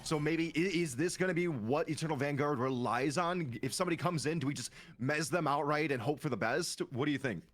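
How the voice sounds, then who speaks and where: A man casting an esports match, calling the play quickly and excitedly, with laughs between plays. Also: fairly high pitch, soft background music. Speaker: play-by-play caster. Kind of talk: esports commentary.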